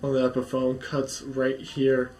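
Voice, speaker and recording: A guitar vlogger casually shows off a guitar in a mid-range, monotone, mellow voice at a measured pace, rambling with fillers and restarts. The room is echoey, with faint music in the background.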